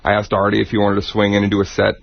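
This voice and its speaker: A man, a stand-up comedian, answering interview questions in a relaxed, rambling way. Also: on the low side, very fast, gravelly, dry recording. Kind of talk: casual radio interview. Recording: dull lo-fi radio broadcast.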